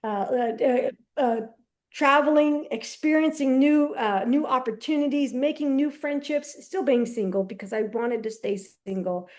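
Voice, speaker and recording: A woman guest telling a personal story in casual conversation, animated and full of slang and restarts. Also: high-pitched, moderate pace. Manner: animated storyteller who acts out dialogue. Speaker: podcast guest.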